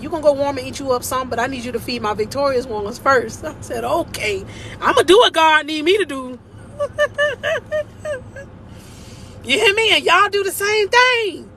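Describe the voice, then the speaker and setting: Woman life coach preaching hard, high sharp voice, faint car noise behind. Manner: emphatic, preachy, laughs often. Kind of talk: motivational faith talk.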